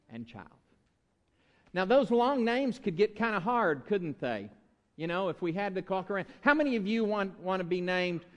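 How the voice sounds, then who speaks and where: A man, a pastor giving a playful children's sermon in a church, coaxing the kids to repeat words after him. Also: fairly high pitch. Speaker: pastor leading a children's talk. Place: church sanctuary. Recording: long reverb of a large church hall.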